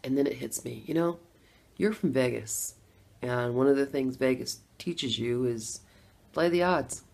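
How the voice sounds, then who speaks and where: A middle-aged woman telling her own story in a chatty testimonial vlog, laughing between lines and swinging from hushed to loud. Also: rumbling low, unhurried, creaky.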